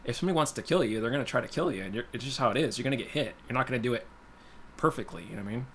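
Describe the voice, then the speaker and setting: A man tells a personal story on a casual stream at a quick clip. He rambles, leans on "you know" and "like", and speaks bluntly. His mid-range voice sits over a faint background hiss. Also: mid-range voice, animated, fairly bright tone. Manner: blunt, plainspoken. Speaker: guitar livestream host.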